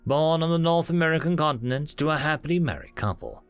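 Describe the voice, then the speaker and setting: A courteous, softly apologetic afterlife administrator, voiced by a male narrator, pitched noticeably higher and a touch louder than the narration. The delivery is gentle and a little hesitant, set against faint music in a dry, close recording. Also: lively intonation, quick pace, smooth, dry recording, natural voice. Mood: polite.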